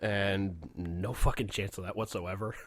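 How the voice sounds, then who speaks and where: A man's voice: low-pitched, a little slow, no room sound. A man co-hosting a podcast in casual chat, loose and profane and laughing often. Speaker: podcast co-host.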